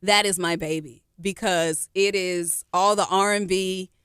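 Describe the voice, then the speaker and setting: Woman, singer guest, fairly low voice, dry close studio sound, animated and encouraging. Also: a little slow, smooth, no room sound. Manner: animated, encouraging, with frequent fillers. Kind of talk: casual radio interview. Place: radio studio.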